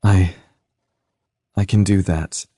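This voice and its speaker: A man voicing a shaken young woman in an audiobook, speaking earnestly and softly. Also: low-pitched, steady tone, takes it slowly, slightly rough, no room sound, clean studio sound, full character voice. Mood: shaken, tender. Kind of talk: audiobook character voice.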